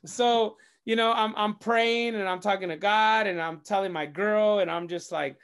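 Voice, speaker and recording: Male DJ guest, high-pitched, expressive storyteller who swears and acts out dialogue. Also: moderate pace, smooth. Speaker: DJ and radio host, interview guest. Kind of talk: animated storytelling in casual chat.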